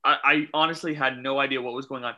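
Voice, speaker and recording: A man co-hosting a casual movie review podcast, animated and incredulous as he questions plot points. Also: mid-range voice, fast, highs cut off. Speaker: podcast co-host.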